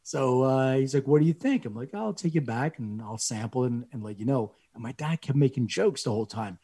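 A middle-aged man casually telling a family story, animated and acting out the voices of people he quotes. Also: fairly quick, husky. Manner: animated, acts out quoted voices with rising pitch.

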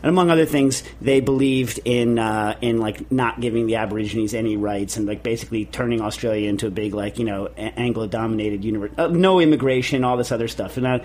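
A man hosting a podcast in casual chat, rambling with lots of fillers and jumping to high excited outbursts. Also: fast talker, few pauses. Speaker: podcast host.

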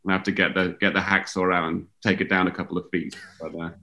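A man's voice: low-pitched, flat delivery, fast talker, bright, forceful tone. A man, a musician guest on a video call, talking in a rambling, hesitant way full of fillers. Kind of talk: casual conversation.

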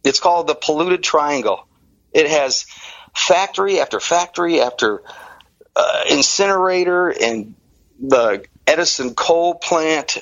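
A man's voice: on the high side, lively intonation, unhurried, a bit bright, no room sound. A middle-aged man from the Detroit area telling his own story in an interview, acting out the voices of people he quotes. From Detroit area, Michigan. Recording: dull, lo-fi, dry sound.

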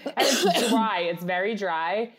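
A woman's voice: medium pitch, slow pace, a bit bright. A woman co-hosting a podcast with a Long Island accent, chatting casually, rambling and laughing as she reads articles aloud. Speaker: podcast co-host. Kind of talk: casual comedic chat.

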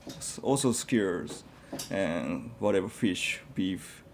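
A man who is a chef, chatting as a guest in an interview and speaking in halting, simple phrases with many fillers. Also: sits low, expressive, slight background noise. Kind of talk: casual interview chat.

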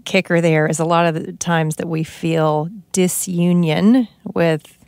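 A woman with a low voice and plenty of vocal fry speaks reflectively in a casual discussion. She is co-hosting a theology podcast. The sound is dry and close. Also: steady tone, measured pace, darkish tone, no room sound. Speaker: podcast co-host.

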